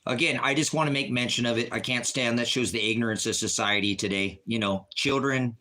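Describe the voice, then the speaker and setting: A man's voice: medium pitch, fairly even intonation, a little fast, sharp tone. A man from Oregon hosting a livestream, talking in an emphatic, repetitive, argumentative way to his chat. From Oregon, USA. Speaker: livestream host. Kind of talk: casual livestream rant.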